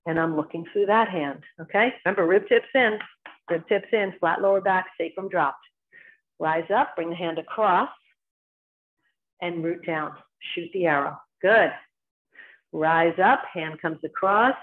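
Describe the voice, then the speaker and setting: A woman with a New Jersey accent guides a qigong session in brief, paced commands matched to the movements. Her voice sits fairly low, and the recording is thin and tinny, like a phone line. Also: a little slow. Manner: short spoken cues timed to movement. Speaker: qigong instructor. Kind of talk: guided exercise class instruction.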